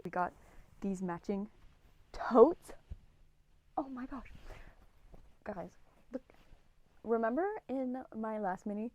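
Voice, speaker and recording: A woman in her twenties co-hosting a podcast, chatting casually on her own in a gushing, excitable and rambling way. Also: fairly high pitch, takes it slowly, long pauses, no echo, muffled recording. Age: 20s. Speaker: podcast co-host. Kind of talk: casual solo podcast chat.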